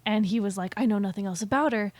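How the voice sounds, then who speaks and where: A young woman talks easily about a favorite movie, pausing on ums and short agreeing sounds. Her voice sits in a middle pitch and is recorded dry and close. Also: no echo. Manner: relaxed, fills pauses with "um" and short agreeing sounds. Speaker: podcast co-host. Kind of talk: casual chat about movies.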